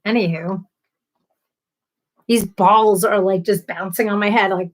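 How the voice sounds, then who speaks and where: A woman's voice: medium pitch, fairly even intonation, takes it slowly, long pauses, poor audio. A woman hosting a casual livestream chat, giggly, rambling and apologetic, a little tipsy from drinks. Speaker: livestream host.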